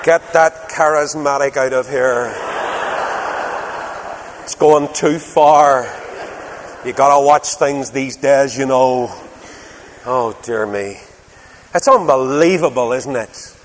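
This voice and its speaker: An older preacher delivers a sermon in a lively, storytelling manner, throwing rhetorical questions at his listeners. His mid-range voice rings out with a long reverb that hangs in the hall. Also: medium pitch, takes it slowly, pauses often, noisy background.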